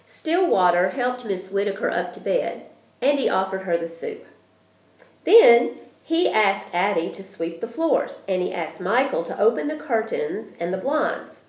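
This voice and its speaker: Woman reading a storybook, lively, echoey room. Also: mid-range voice, unhurried. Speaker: reader. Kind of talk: storybook read aloud. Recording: roomy echo.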